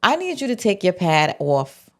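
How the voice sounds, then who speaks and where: A woman's voice: on the low side, sing-song, normal speed. A woman host breaking down a TV episode in casual, slangy chat, acting out the characters' lines as she goes. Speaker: TV recap host.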